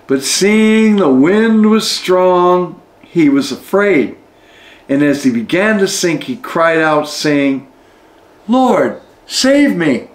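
Man, book study leader, reads aloud and explains, very slow, reflective, roomy echo. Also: fairly high pitch, expressive. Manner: reflective, pausing to explain passages. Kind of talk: reading aloud with spiritual commentary. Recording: echoey room.

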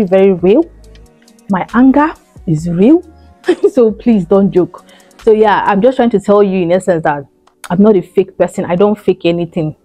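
Chatty woman, mellow voice. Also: fairly low pitch. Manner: chatty, emphatic, repeats phrases, addresses viewers as girl. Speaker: vlogger. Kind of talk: casual talk to camera.

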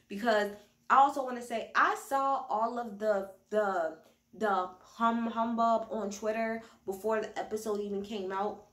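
A woman of medium pitch and fairly bright tone recaps reality TV casually at home, a little tipsy, slangy and swearing as she chats. No proper mic is used, only the built-in one, giving the audio a roomy echo.

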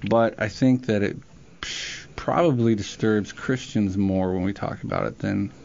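A man co-hosting a talk radio show, talking in an animated, opinionated way. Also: fairly low pitch, a little slow, gravelly, lo-fi sound, slight background noise. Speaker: radio co-host.

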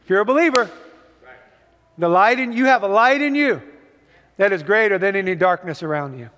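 A man's voice: sits high, lively intonation, fairly quick, a bit bright, highs cut off. A man preaching a sermon as pastor, emphatic and urging the congregation on, heard in a church sanctuary. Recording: long reverb of a large hall.

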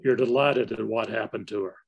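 A man's voice: on the low side, fairly even intonation, fairly quick, creaky, slightly rough, highs cut off. A man reading aloud as a hard-edged noir detective who speaks bluntly and accusingly.

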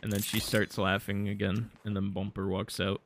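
A man streaming a survival game, giving casual commentary with sarcastic deadpan jokes and laughing at his own lines. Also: fairly low pitch, moderate pace, a little hiss or hum.

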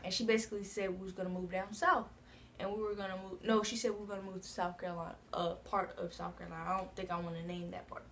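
A woman's voice: medium pitch, flat delivery, quick pace, background noise. Chatty woman rambling through a storytime. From New Jersey. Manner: rambling, many "like" and "you know what I'm saying" asides. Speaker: vlogger. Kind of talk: casual storytime.

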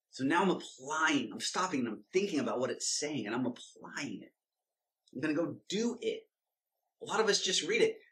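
A man's voice: mid-range voice, fairly bright tone. A man giving informal Bible teaching in an emphatic, direct way that turns into preaching. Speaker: Christian video teacher.

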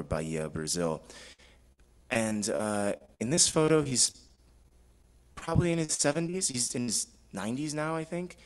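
A man with a low voice presenting a talk at an academic event. He speaks thoughtfully and hesitantly, often restarting his sentences, and reads passages aloud from texts. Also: low-quality recording. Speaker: fellowship presenter.

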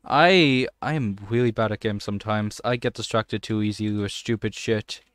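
A young man giving a casual, jokey let's-play commentary, excitable and swearing often as he plays. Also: fairly low pitch, normal speed, clean tone, dry recording, clean studio sound. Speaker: gaming channel host.

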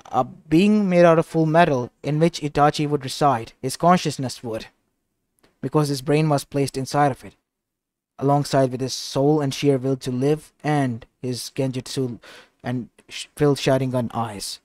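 A man's voice: mid-range voice, steady tone, normal speed, a little mellow, no echo. A man tells a fan-made story in a loose, rambling style, his voice in an ordinary middle range. He stumbles and restarts mid-sentence as he goes. The recording is dry and close, with no room sound. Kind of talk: casual fan-fiction narration.

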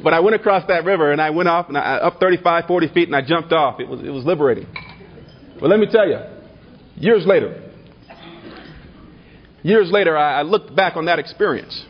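A man's voice: fairly high pitch, a little fast, long pauses, highs cut off. A man giving a rousing political dinner speech at a banquet, building to repeated rhetorical refrains with a humorous anecdote mixed in. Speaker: political speaker. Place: banquet hall at a party dinner.

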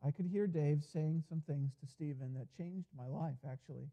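Pastor guy preaching a sermon in church, kinda high voice but really mellow and dark, earnest storyteller. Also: normal speed, muffled recording. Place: church sanctuary.

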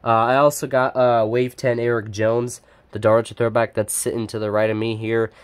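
A man's voice: mid-range voice, level tone, moderate pace, clear, resonant tone. A man chatting casually as he unboxes die-cast cars, rambling with lots of fillers and self-corrections. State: sniffly. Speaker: die-cast collector and YouTuber.

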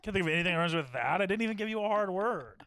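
A man guesting on a comedy podcast, teasing the host in a dry, deadpan way. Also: high voice, racing. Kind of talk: casual comedic chat.

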